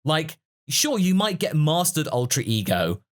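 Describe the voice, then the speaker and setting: Lively, analytical male podcast host. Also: a little high, a little slow. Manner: analytical, musing, chatty. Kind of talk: casual podcast discussion.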